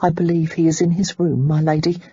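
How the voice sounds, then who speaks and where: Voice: little pitch movement, a little fast, warm tone, slightly rough, dry recording, dull audio. Narrator as a hesitant, deferential housekeeper. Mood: relieved. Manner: hesitant, lowered and respectful. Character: nervous older female housekeeper, deferential. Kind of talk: audiobook character reading.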